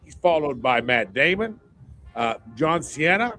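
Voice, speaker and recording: A man's voice: fairly high pitch, very animated, unhurried, sharp tone, a little hiss or hum. A man on a sports radio panel, telling his picks at length with emphatic, rambling restarts. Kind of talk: casual radio sports chat.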